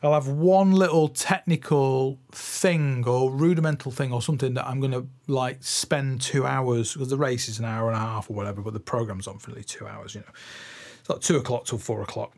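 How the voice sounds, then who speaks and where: A man's voice: mid-range voice, steady tone, brisk, gravelly, a little mellow. A middle-aged man, a drum teacher, chatting casually on his podcast, rambling and thinking aloud with fillers and restarts, sometimes counting out drum patterns. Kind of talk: casual solo podcast chat.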